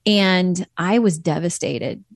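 A woman's voice: fairly low pitch, slow, dry recording, clean studio sound. A woman earnestly telling a personal faith story as a podcast guest, quoting her own prayers.

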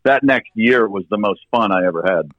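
A man's voice: fairly low pitch, a little fast, dry recording, lo-fi sound. A man in his fifties, a rock drummer guesting on an interview, telling a story animatedly and swearing casually. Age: 50s.

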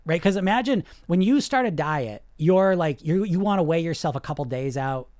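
A man who coaches weight loss through hypnosis gives a casual motivational talk in an expressive voice at a moderate pace, recorded in a clean studio with no echo. He's emphatic and conversational, keeps asking "you know," and swings from loud and high to low and quiet.

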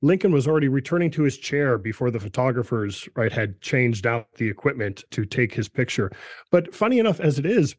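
A man's voice: mid-range voice, big pitch swings, a little fast, no echo, clean studio sound. A middle-aged man, a political science professor, explaining in discussion and dropping "right" into his sentences with frequent restarts. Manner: peppers speech with "right" and restarts.

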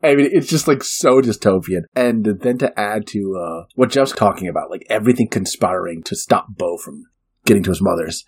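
A man co-hosting a film podcast, retelling the plot in casual, animated chat and often laughing. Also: lowish voice, fairly quick, slightly rough. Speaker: podcast co-host.

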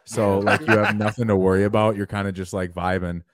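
A man's voice: fairly low pitch, level tone, fairly quick, no room sound, studio quality. A man co-hosting a podcast, telling a story in a laid-back, rambling way with lots of "like"s. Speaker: podcast co-host. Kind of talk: casual storytelling.

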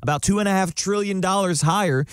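A man's voice: high voice, quick pace, smooth, no room sound, studio quality. A man from the United States co-hosting a radio finance show, easygoing in casual chat and laughing often. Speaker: radio co-host.

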